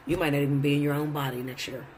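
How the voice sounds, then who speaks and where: A man's voice: a little high, level tone, racing, slight background noise. A man giving a casual tarot reading to his viewers, blunt and profane, lecturing them. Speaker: tarot reader.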